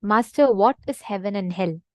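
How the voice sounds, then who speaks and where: A woman's voice: medium pitch, lively intonation, moderate pace, dry recording, studio quality, natural voice. A woman voicing a proud, hot-tempered male samurai warrior in a spoken parable. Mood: earnest.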